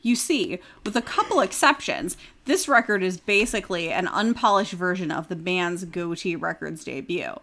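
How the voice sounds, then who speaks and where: A woman's voice: lowish voice, expressive, moderate pace, few pauses, a bit bright. A woman podcast host reading a review aloud in a casual chat, now and then breaking into giggles.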